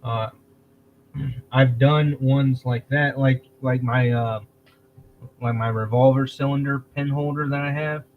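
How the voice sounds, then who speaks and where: A man chats unhurriedly on a livestream, circling back and restarting his sentences as he thinks aloud. His voice sits at an ordinary pitch, and the audio is dull and lo-fi with a faint hiss underneath. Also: steady tone. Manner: rambling, halting, with many restarts and throat-clearing. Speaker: livestream host. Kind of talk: casual livestream chat.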